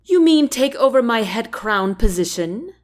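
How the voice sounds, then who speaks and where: A woman's voice: on the high side, sing-song, moderate pace. A woman voicing a proud young queen in a storybook reading, speaking in a firm, indignant way. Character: proud young queen, defiant and quick to anger.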